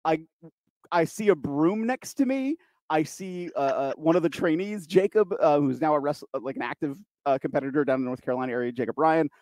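A wrestling commentator who hosts a podcast chats casually, rambling through his stories and voicing other people in quotes. His voice is fairly high-pitched with a darkish tone, and he speaks briskly. The studio sound is clean with no echo.

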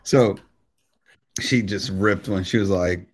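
A lower-voiced American man co-hosts a casual podcast. He rants with animated energy, swears freely and keeps restarting his sentences as he talks. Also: takes it slowly. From United States. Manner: animated, profane ranting with frequent restarts. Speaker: podcast co-host.

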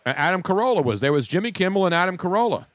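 Lively boisterous male talk host. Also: high-pitched, very fast, no room sound. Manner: boisterous, opinionated storyteller. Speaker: radio show host. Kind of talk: casual talk-show banter.

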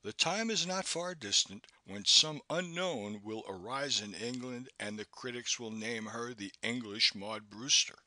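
A man's voice: medium pitch, measured pace, few pauses, pushed and bright, no echo. A man reading an audiobook, voicing a proud, bookish literary critic who speaks in a formal, academic manner.

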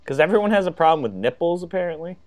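A man co-hosting a casual podcast, animated and swearing freely. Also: fairly high pitch, very fast, a little hiss or hum. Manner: animated, swearing, acts out quotes. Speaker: podcast co-host. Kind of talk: casual chat.

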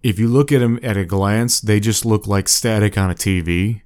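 Low-voiced man in a dry, close sound. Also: moderate pace, darkish tone, no echo. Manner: laid-back, swears casually, explains with examples. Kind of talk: casual chat.

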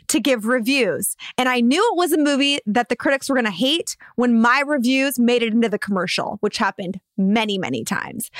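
Playful 30s woman with a high voice, teasing and chatty, dry close mic. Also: fairly bright tone, smooth, no echo. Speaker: podcast co-host. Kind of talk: casual chat.

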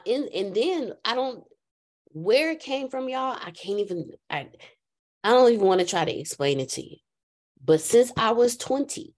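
A woman in her thirties speaks on a video call, and her thoughts come out halting and full of restarts. She sounds moved and reflective as she opens up to friends. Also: mid-range voice, darkish tone. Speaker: group call participant, aspiring foster mom. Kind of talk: casual emotional chat.

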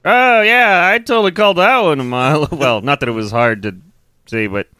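A man's voice: fairly high pitch, moderate pace, no room sound. A man co-hosting a casual movie review podcast, laughing and swearing as he retells scenes. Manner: laughing, profane, animated storytelling. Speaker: podcast co-host.

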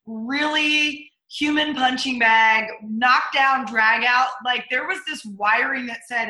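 Middle-aged woman, coach, animated storyteller, echoey room. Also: fairly high pitch, moderate pace, hardly any pauses. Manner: animated, acts out her own inner voice. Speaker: guest, leadership coach and speaker. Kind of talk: casual interview storytelling.

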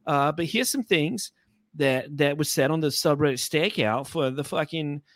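A man's voice: a little high, moderate pace, no echo, natural voice. A podcast host putting on an exaggerated New York accent as a mocking, swearing male sports fan. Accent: put-on New York.

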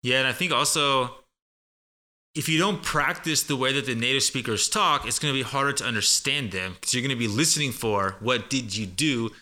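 Male guest teacher with a piercing, bright voice, relaxed and conversational, drills phrases by repetition. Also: mid-range voice. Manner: chatty, demonstrates phrases slowly and repeats them. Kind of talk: casual spoken lesson.

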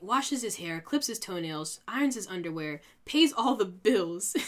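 A young woman hosting a podcast, ranting heatedly and sarcastically, swearing freely. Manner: heated, sarcastic, swears freely, mocks others in high put-on voices. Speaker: podcast host. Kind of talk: casual ranting podcast monologue.

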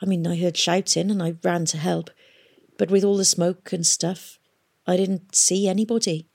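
A woman's voice: fairly low pitch, steady tone, normal speed, vocal fry, darkish tone, no room sound. A woman voicing a timid, kind teenage boy who speaks nervously and plaintively.

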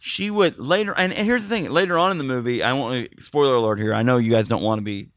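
A man's voice: mid-range voice, fast, fairly bright tone, dry recording, clean studio sound. A man co-hosting a podcast, chatting casually and sarcastically about a bad movie and talking to listeners as "folks". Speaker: podcast co-host. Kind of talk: casual movie-review chat.

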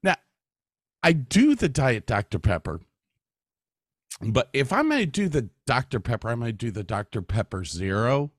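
Laughing, animated man on a podcast. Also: mid-range voice, normal speed, pauses often, no room sound, clean studio sound. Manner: laughing storyteller, swears freely, acts out voices in anecdotes. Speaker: podcast host. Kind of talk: casual chat. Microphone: studio mic.

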